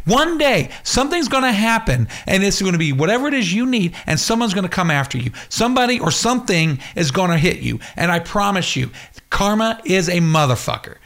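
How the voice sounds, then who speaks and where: A man's voice: big pitch swings, brisk. A man hosting an internet radio show, ranting angrily with heavy swearing, then chatting casually about upcoming shows. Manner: yelling, swearing, raising pitch in anger. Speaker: podcast host. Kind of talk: angry profane rant.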